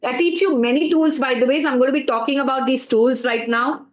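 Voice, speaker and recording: Speaking in a high, steady voice at a slightly fast pace, this Indian English-accented woman gives a motivational live stream talk, dropping Hindi phrases into her English. Over and over she asks the chat for replies as she coaches her audience. The audio is poor and reverberant.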